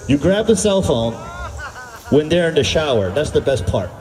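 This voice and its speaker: Male stand-up comic, higher voice, booming through an outdoor PA from far off. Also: moderate pace. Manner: animated storytelling, acting out dialogue with the crowd. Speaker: stand-up comedian. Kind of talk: stand-up comedy at an outdoor concert. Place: outdoor stage at a summer concert. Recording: echoey outdoor PA sound from far off.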